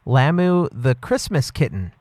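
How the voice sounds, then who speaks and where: A man's voice: medium pitch, very animated, measured pace, darkish tone, no echo, studio quality. A man hosting a podcast, asking questions in a friendly, enthusiastic way. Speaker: podcast host. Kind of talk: podcast interview.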